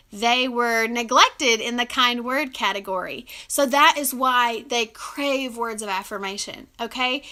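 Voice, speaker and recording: A young woman talks straight to the camera about love and kindness in an earnest, heartfelt way. Her voice sits high and rings bright, and she giggles often and gets teary at times. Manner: warm, emotional, giggly, earnest. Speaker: relationship advice vlogger. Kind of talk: casual heartfelt talk to camera.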